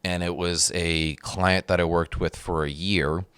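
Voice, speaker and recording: Deep smooth-voiced man chatting casually. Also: steady tone, a little slow, a bit bright, no echo. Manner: rambling, many fillers and restarts. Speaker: podcast host and trainer. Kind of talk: casual conversation.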